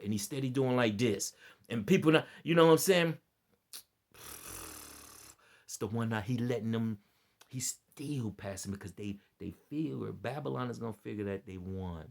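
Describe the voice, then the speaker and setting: Tired, gravelly low-voiced man preaching. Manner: repeats himself, loose and earnest. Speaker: vlogger giving religious commentary. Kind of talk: rambling preachy monologue to camera.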